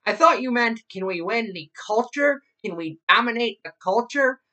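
A woman's voice: fairly high pitch, lively intonation, moderate pace, sharp tone, voice pushed up. A woman putting on a mocking impression of a blustering older male radio talk host. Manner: mocking, exaggerated.

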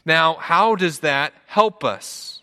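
A pastor preaches a sermon in church, earnest and repeating words as he builds toward a point, his pitch rising for emphasis. His voice is bright and forceful with lively intonation and a slow pace, trailed by long reverb.

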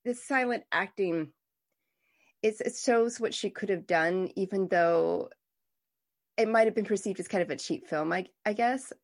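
A woman host in a conversational interview, gushing with enthusiasm and tumbling through restarts as she talks. Her voice sits at a typical middle pitch for a woman. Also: unhurried. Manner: enthusiastic and effusive, with frequent restarts. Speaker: podcast host.

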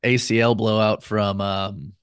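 A man with a lowish voice co-hosts a casual sports podcast. He is easygoing and chuckles often. His voice sounds dry and close. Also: level tone, unhurried, clean tone, no room sound. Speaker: podcast co-host. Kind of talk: casual chat.

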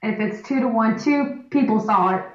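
A woman's voice: a little high, moderate pace, far from the mic. A woman powerlifter and schoolteacher talking bluntly in a casual interview, with lots of "like" and easy laughter. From United States. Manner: candid, blunt, laughs easily, filler "like". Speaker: guest, competitive powerlifter; first grade teacher. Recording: echoey room, off-mic, dull sound.

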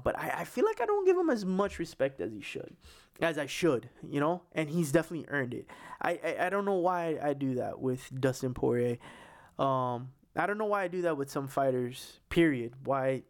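A young man hosting a casual sports podcast, rambling with many restarts and fillers. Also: fairly high pitch. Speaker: podcast host.

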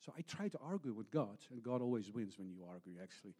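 A man's voice: lowish voice, big pitch swings, fast, dark tone, breathy edge. A middle-aged man, a missionary pastor, preaching a sermon in an earnest storytelling way, with non-native phrasing and frequent restarts.

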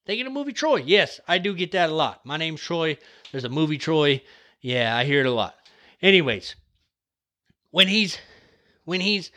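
Young male podcast host, bright high voice, profane and fired-up, yells, then jokes. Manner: profane, fired-up, yelling at times; relaxed and joking between rants. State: dry throat from yelling. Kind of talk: motivational casual talk.

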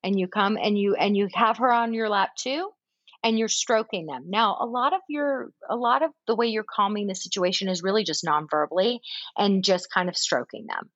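Animated woman giving parenting advice. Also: mid-range voice, normal speed, dry recording. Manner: animated, acts out soothing parent dialogue. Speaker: parenting coach. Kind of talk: conversational advice. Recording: slightly dull, dry recording.

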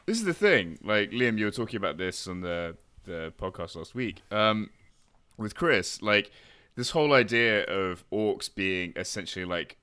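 A man's voice: fairly low pitch, expressive, moderate pace, bright, forceful tone, clean tone. A man co-hosting a hobby podcast, chatting casually and emphatically. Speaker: podcast host. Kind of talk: casual chat.

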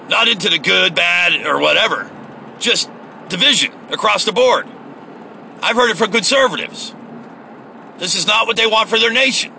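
A man's voice: high voice, gravelly, bright, forceful tone, a little hiss or hum, rough recording. A man giving a heated, profane, sarcastic political rant, recorded in a car. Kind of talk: ranting political monologue.

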